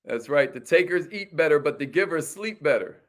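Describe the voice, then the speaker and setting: A man hosting a motivational livestream, hyping viewers with repeated call-and-response lines and shout-outs to viewers. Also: fairly high pitch, normal speed. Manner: energetic, repetitive call-and-response hype with "y'all".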